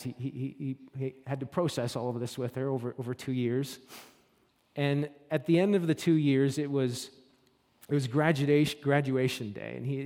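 A man's voice: mid-range voice, a little mellow. A man preaching a sermon, telling a story with repeated words and restarts. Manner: storytelling that builds to impassioned climax with frequent repetitions. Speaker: pastor. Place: church sanctuary. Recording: long hall reverb.

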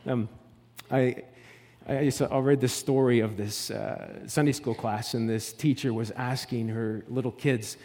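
A man preaching a sermon, moving from loud declarations to soft, hushed passages and acting out the scenes he tells. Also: medium pitch, steady tone, measured pace, big-room sound. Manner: acts out the scenes he tells, with repeated words and restarts. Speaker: pastor.

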